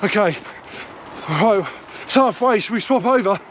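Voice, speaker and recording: A man's voice: high-pitched, expressive, measured pace, a bit bright, a little hiss or hum. A man talking to camera while running outdoors, out of breath and giving running updates. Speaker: running vlogger. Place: outdoors on a run.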